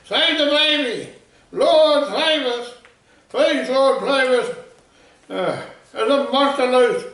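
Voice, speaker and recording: A man putting on terrified, screaming plane passengers who shout frantically in a high, strained and bright voice. The voice sounds far from the mic in a very echoey room. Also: takes it slowly, exaggerated voice. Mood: panicked.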